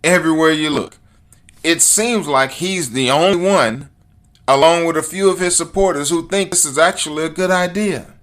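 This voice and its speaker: A man hosting a podcast, shifting between emphatic, repetitive commentary and relaxed, chatty sponsor reads. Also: fairly high pitch, normal speed. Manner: fired up and emphatic, preacher-like repetition; calm and conversational in sponsor reads. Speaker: podcast host.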